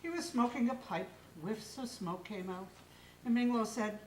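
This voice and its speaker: A woman telling a folk tale aloud on stage in a lively, expressive way. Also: on the high side, normal speed, slight background noise. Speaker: storyteller. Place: live stage in a hall. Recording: echoey hall from far off.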